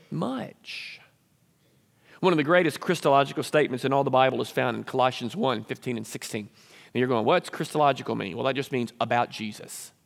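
A pastor preaching an earnest sermon, sometimes acting out selfish prayers in a raised voice. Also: male voice, mid-range voice, vocal fry, big-room sound.

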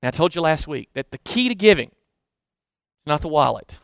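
A Southern American man in middle age delivers a sermon with a high voice. He talks to the congregation like a neighbor, stacking up emphatic phrases and then falling to soft, hushed remarks. The recording is close and dry. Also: very animated, moderate pace, creaky, dry recording. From Southern United States. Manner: conversational preaching, rising to emphatic lists, dropping to hushed asides. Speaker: pastor.

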